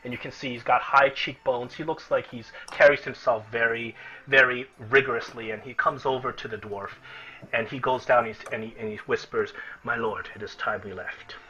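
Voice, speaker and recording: A man narrating as game master in an easygoing, rambling way, with a husky voice. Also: medium pitch, steady tone, a little fast, sharp tone, dull audio. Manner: easygoing, restarts a lot.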